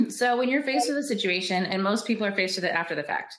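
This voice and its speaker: A woman's voice: medium pitch, very animated, a little fast, roomy sound. A woman guest entrepreneur telling candid stories in an interview, acting out quoted dialogue and laughing often.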